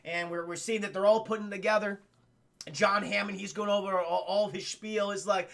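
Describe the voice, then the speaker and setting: Streamer guy talking to chat about a movie, swears a lot, fried gravelly edge, bright tone. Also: high voice, a little fast. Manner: excitable, swears freely, talks straight to chat. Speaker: streamer film reviewer. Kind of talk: casual film recap to live chat.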